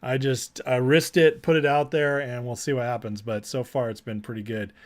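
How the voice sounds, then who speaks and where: A man hosting a casual livestream, greeting viewers by name and talking through the news with energetic asides. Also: mid-range voice. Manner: energetic, shouting out chat names, rapid asides. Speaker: political commentary livestream host.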